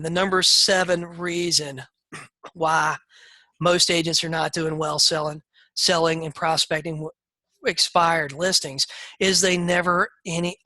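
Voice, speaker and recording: Bright, dry-voiced man coaching agents. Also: fairly high pitch, no room sound. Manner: direct, folksy, acts out seller calls in a raised voice. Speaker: real estate sales trainer. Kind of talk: live webinar coaching.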